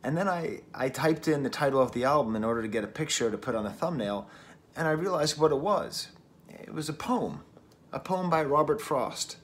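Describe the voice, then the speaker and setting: A man's voice: on the high side, animated, brisk. A man from New England giving a casual, wry album review at home, often laughing at himself. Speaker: record reviewer. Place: at home, early morning. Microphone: camera mic.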